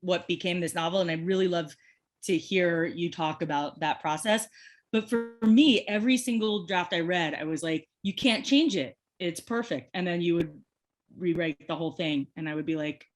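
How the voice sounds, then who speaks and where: A woman's voice: on the low side, fairly even intonation, normal speed. A woman author in casual, effusive conversation at a bookstore event, asking about the writing process. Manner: effusive, chatty.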